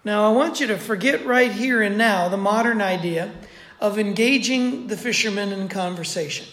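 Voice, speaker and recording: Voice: medium pitch, normal speed, a bit bright. A preacher giving a sermon in a conversational way, repeating points for emphasis. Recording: roomy echo.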